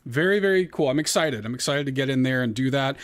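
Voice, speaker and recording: A man's voice: medium pitch, lively intonation, quick pace. A man co-hosting a casual gaming podcast, rambling with fillers and restarts. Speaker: podcast co-host. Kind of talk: casual chat.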